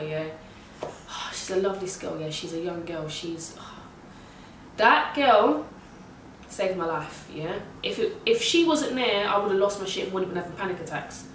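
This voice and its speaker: A young woman, casually retelling a story in an animated, slangy way full of swearing. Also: on the low side, a little hiss or hum. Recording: echoey room heard from a distance.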